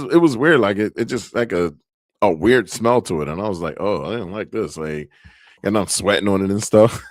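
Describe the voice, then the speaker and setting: A low-pitched young man hosts his own podcast and tells loose, slang-heavy stories with plenty of laughter. His voice sits close to the mic. The recording is dry, with no room sound. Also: no room sound. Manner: animated, laughing, loose slang-filled storytelling. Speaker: podcast host. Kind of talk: casual solo podcast storytelling.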